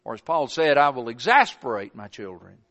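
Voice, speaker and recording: An older man preaching an earnest sermon, building to forceful emphasis on his points. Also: mid-range voice, very animated, a little fast, dull audio.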